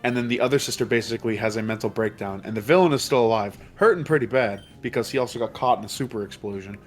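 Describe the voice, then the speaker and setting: A man's voice: mid-range voice, fast talker, faint music behind. A man hosting a let's play commentary, recapping a plot in a rambling, profane way with his friends. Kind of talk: casual game commentary with friends.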